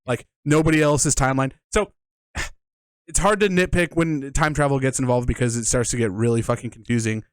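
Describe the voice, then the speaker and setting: A man's voice: mid-range voice, moderate pace, clean tone, dry recording, clean studio sound. A man co-hosting a casual movie review podcast, rambling and swearing as he picks apart plot holes. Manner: rambling, profane, restarts often. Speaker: podcast co-host.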